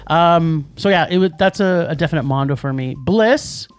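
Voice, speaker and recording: A man's voice: fairly high pitch, moderate pace, smooth, no room sound, faint music behind. A man co-hosting a movie podcast in casual chat, rambling with restarts and laughs. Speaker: podcast co-host.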